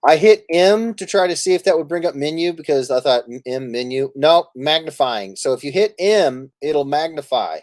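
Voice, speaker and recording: A man's voice: fairly high pitch, normal speed, hardly any pauses, dry recording, clean studio sound. A man hosting a live stream, chatting casually and laughing while he plays a card game with friends. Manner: animated, laughing, swearing playfully. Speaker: streamer host.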